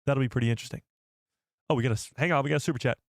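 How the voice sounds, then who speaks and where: A man's voice: medium pitch, racing, dry recording, studio quality. A man casually hosting a live stream, chatty and rambling, often correcting himself mid-sentence. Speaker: host of a live show.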